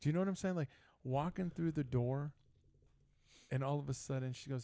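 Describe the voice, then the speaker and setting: An older man hosting a live sports talk show, telling stories in a casual, animated way. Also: medium pitch, moderate pace, vocal fry, pauses often, no room sound. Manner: storytelling, animated, laughing asides. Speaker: host. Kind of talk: casual chat.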